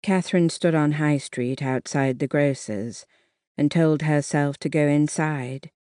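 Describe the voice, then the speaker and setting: Audiobook narrator, slow pace, measured reading, dry close sound. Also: medium pitch, a little mellow, clean tone, dry recording.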